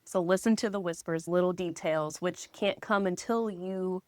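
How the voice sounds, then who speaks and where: A woman's voice: lowish voice, moderate pace, a little mellow, dry recording. Woman cohost on a health show, upbeat and agreeable, dry sound. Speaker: podcast co-host. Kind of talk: casual health chat.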